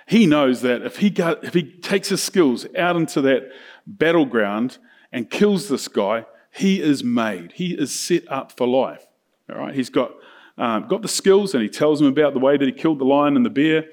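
A man preaching a sermon, telling a story casually and slipping into quick voices for the characters. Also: mid-range voice, expressive, a little mellow. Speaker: pastor.

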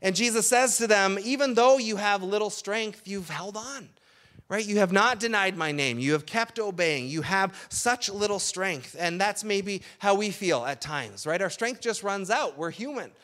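A pastor with a high-pitched, expressive voice delivers a sermon at a moderate pace in a conversational tone, often checking in with "right?". At times he softens his voice to speak the words of weary people.

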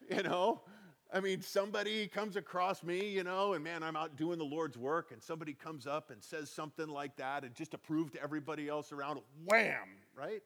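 A man's voice: a little high, steady tone, fairly quick, fairly bright tone. A man giving a conversational Bible teaching, reading scripture aloud and then explaining it with chatty emphasis.

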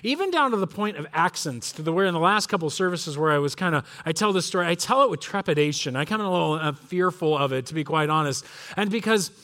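A man's voice: on the high side, fast. A middle-aged male pastor from Southern California preaching a sermon, telling stories and acting out family members' voices. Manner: storytelling, animated, acts out voices of family.

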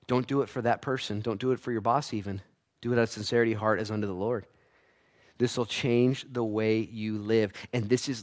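A man preaching a sermon to a church congregation, swinging from loud, rising calls to hushed asides, with playful humor. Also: fairly low pitch. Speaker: pastor.

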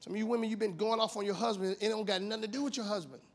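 A man of fifty preaching a sermon, telling stories with big swings in pitch and loudness. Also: rapid-fire, vocal fry. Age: 50s. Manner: animated storytelling with wide swings in pitch and volume.

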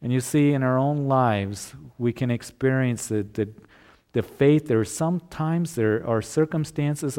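A male pastor delivers a sermon in an earnest, conversational way. His voice sits at an ordinary middle pitch, and he sometimes restarts a phrase as he works through his point. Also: mellow.

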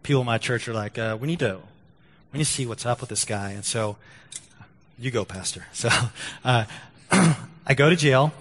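A man's voice: mid-range voice, moderate pace, big-room sound, slight background noise. A male pastor preaching a sermon, telling a story with restarts and acted-out quotes, then leading a prayer. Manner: storytelling, lively quoted voices, stammered restarts. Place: church sanctuary.

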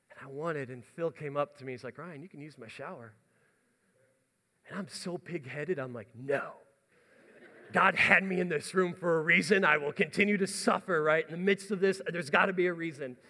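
A man's voice: high voice, sharp tone. A man from the United States telling a self-mocking story as a pastor during a sermon. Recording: long hall reverb.

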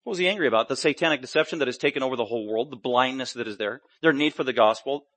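A man's voice: mid-range voice, very fast, a bit bright, no room sound. A male preacher giving an emphatic, impassioned expository sermon and stressing his points heavily.

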